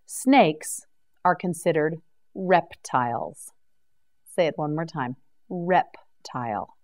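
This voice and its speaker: Slow, patient woman teaching vocabulary. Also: low voice, lively intonation, a little mellow. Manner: patient, clearly enunciated, repeats each word. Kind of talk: slow scripted vocabulary drill.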